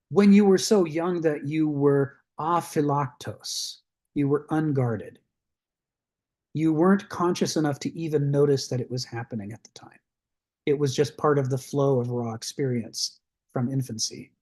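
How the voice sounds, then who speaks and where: A man's voice: a little high, measured pace, darkish tone. A man giving a recorded lecture, thoughtful, often repeating words as he starts a phrase.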